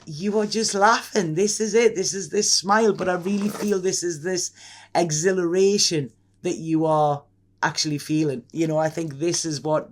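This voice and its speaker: Excitable high-voiced man reading tarot. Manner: rambling and effusive, with many restarts and laughs. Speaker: tarot reader. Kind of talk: casual tarot reading to camera.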